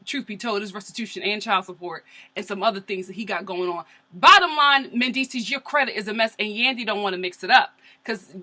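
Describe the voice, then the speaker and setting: A woman's voice: medium pitch, a little fast. A woman from Philadelphia giving a sassy, opinionated comedic recap of a reality TV episode. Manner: sassy, opinionated, animated rants.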